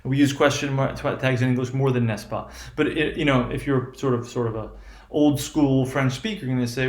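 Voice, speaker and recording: A man's voice: medium pitch, steady tone, a little fast, echoey room. A man teaching a lesson on English intonation, hesitant, with many restarts and "right?" checks.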